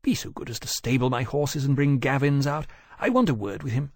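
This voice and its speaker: A man playing an airy, boastful young gentleman. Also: medium pitch, brisk, no echo, clean studio sound, natural voice. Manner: airy, offhand.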